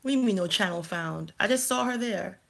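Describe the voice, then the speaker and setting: A woman's voice: mid-range voice, brisk, creaky, fairly bright tone. A woman hosting a casual live stream, chatting and thinking aloud while she fumbles through her channel settings. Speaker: life coach and channel host.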